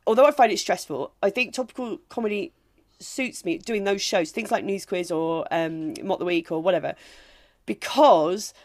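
A woman's voice: medium pitch, moderate pace. Emphatic woman comedian. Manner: emphatic, animated storytelling with laughs. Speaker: comedian guest. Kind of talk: casual podcast conversation.

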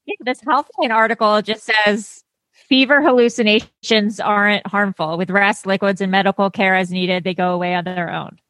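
A woman's voice: medium pitch, steady tone, normal speed, a bit bright, no echo. Dry, wry woman podcast co-host. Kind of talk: casual chat.

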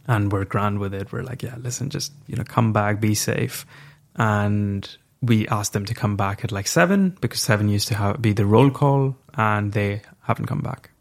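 A young man telling a personal story as a podcast guest, frank and reflective, swearing casually. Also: lowish voice.

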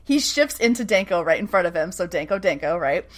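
A woman co-hosting a casual recap chat, animated and profane, acting out characters' lines as she goes. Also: fairly low pitch. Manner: animated, swears freely, acts out lines in quick asides. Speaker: podcast co-host recapping a TV episode.

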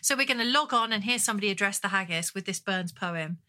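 A woman co-hosting a podcast, chatting casually and giggling often in quick bursts. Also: medium pitch, pushed and bright, a little hiss or hum. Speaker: podcast co-host. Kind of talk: casual chat.

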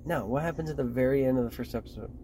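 A young man co-hosting a podcast, calmly walking through plot points in casual chat. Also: mid-range voice, racing. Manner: steady plot recapping, frequent agreeing "yeah". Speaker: podcast co-host.

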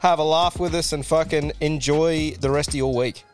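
A man's voice: a little high, fairly even intonation, moderate pace, faint music behind. An Australian man hosting a podcast, bantering crudely with lots of swearing and laughter. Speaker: podcast host. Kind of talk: casual podcast chat.

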